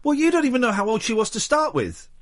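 A man's voice: very high voice, sing-song, fast talker. A man hosting a late-night radio chat show, chatty and jokey. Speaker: radio host.

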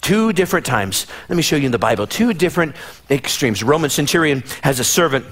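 Dramatic preacher man, slightly high voice. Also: expressive, fairly quick, fairly bright tone. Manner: dramatic, acts out the Bible figures in voices; repeats and restarts phrases as he speaks. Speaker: pastor. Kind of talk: sermon.

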